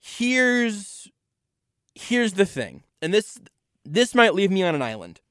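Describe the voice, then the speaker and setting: A man's voice: sits high, very animated, slow, fairly bright tone, clear, resonant tone, dry recording, studio quality. A man hosting a sports podcast, giving an opinionated solo analysis and repeating words for emphasis. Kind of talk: solo football analysis monologue.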